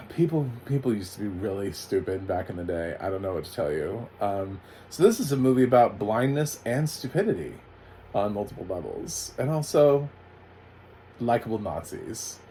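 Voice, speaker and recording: A man's voice: lowish voice, darkish tone, slight background noise. A man giving a casual, rambling TV recap, sarcastic, with lots of fillers and restarts. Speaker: TV recap reviewer. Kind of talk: casual spoken review.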